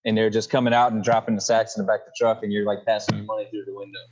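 A man's voice: on the low side, flat delivery, rapid-fire, a little mellow, muffled recording. A man in his thirties from Louisiana with a Cajun accent, chatting easily as a podcast guest. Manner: easygoing, laid-back storyteller. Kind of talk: casual chat.

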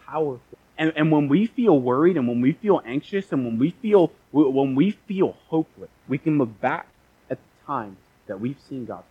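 A man's voice: medium pitch, slightly rough, dry recording, phone-quality sound. A young adult man preaching a sermon in an earnest, conversational way, often restarting his sentences. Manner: earnest and conversational, with frequent restarts and acted asides.

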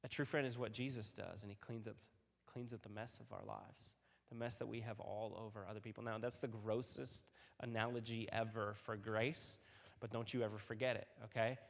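A man's voice: on the low side, a little fast, vocal fry. Man preaching in a reverberant hall. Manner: animated storytelling, many fillers and repeated starts. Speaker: youth pastor. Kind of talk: youth sermon with personal story. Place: youth group room.

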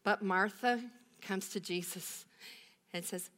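A woman's voice: mid-range voice, a little slow, a bit bright. A woman pastor giving a sermon, telling a Bible story with rhetorical questions and emphatic repetition.

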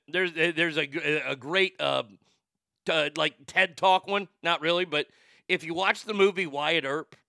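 Host type, male, crisp bright voice, loose chatty read of chat lines, dry booth sound. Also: fairly high pitch, dry recording. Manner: animated, reads chat messages aloud with loud bursts. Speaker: livestream host reading chat. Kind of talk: casual chat.

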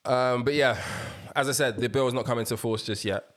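A man co-hosting a podcast, talking politics in a measured way and steering the topic. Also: medium pitch, a bit bright. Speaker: podcast co-host. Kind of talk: casual political chat.

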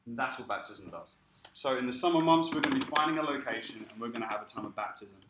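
A man preaching a sermon and telling his own story in a lively way. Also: mid-range voice, quick pace, echoey room, background noise. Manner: lively storytelling, acting out quoted speech. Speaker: pastor. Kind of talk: sermon with personal testimony.

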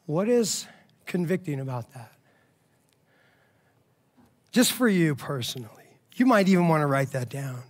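A man preaching a sermon, talking casually to the congregation, moving between quiet, reflective stretches and loud, excited bursts. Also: fairly high pitch, measured pace, pauses often. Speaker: pastor.

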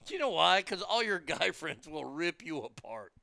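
A man's voice: fairly high pitch, sing-song, normal speed, gravelly, pushed and bright, no room sound. A man delivering a profane, mocking comedic rant, stumbling over restarts as he tells the story.

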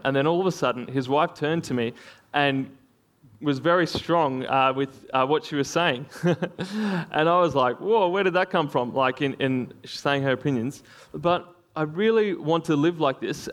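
A man preaching a sermon in a conversational way, with frequent fillers and small laughs. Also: on the high side.

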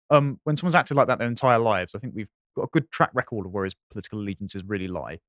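Rapid, low-voiced man. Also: a bit bright, no echo, clean studio sound. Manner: argumentative, rapid. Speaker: podcast co-host. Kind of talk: casual chat.

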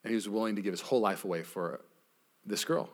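A male pastor gives a casual, conversational sermon in a lowish voice at a quick pace. He retells a story and acts out the quotes of its characters.

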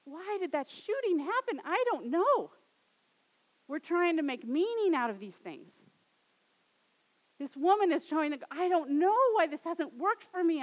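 A woman in her thirties preaching a sermon, swinging from loud, dramatic rises to soft, quiet endings. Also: very high-pitched, animated, normal speed, lo-fi sound. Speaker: pastor.

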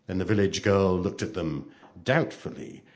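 A man reading a story aloud expressively, swinging from hushed to loud. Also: low voice, normal speed.

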